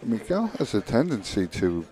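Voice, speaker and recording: Deep, mellow pool commentator. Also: male voice, very animated, moderate pace. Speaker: color commentator.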